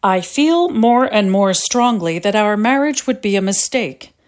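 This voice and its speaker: A woman reading out a man's formal letter breaking off an engagement, in a measured voice. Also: mid-range voice, expressive, close to an everyday voice. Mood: regretful. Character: man writing a polite breakup letter.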